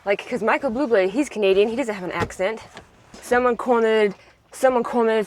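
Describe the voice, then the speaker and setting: A woman's voice: fairly high pitch, fairly quick. A young woman from the United States, a farm vlogger, chatting playfully and giggling with her sibling inside a vehicle. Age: young adult. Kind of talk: casual chat.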